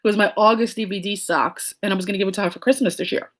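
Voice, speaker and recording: A woman in her late thirties telling a story in a casual vlog chat. She talks in a rambling, digressive way with lots of fillers, and her tone is soft and reflective. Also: mid-range voice, fairly even intonation, rapid-fire. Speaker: crochet and knitting vlogger.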